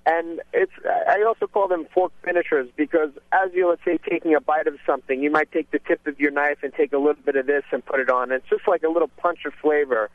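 Male chef guest on call-in radio, slightly high voice, rambling delivery, tinny phone line. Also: no echo. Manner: rambling, with many restarts. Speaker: chef and cookbook author guest. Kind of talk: casual radio interview talk.

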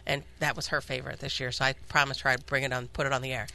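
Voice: mid-range voice, little pitch movement, very fast, vocal fry, sharp tone, no room sound. An ice cream shop owner talking enthusiastically as a guest on a radio show, with many fillers. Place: radio studio.

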